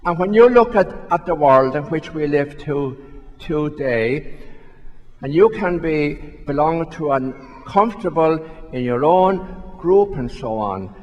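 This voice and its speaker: A man's voice: fairly high pitch, expressive, measured pace, darkish tone, highs cut off. A man, a priest, giving a sermon in a large church, talking in a conversational, self-questioning way and repeating himself as he tells a story. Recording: long reverb of a church hall.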